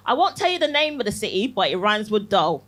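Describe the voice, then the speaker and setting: On a comedy club stage, a young woman performs a chatty, punchy stand-up set into a handheld mic, tagging jokes with "yeah?" and laughing at her own lines. Her mid-range voice is sing-song and fast, with background noise behind it.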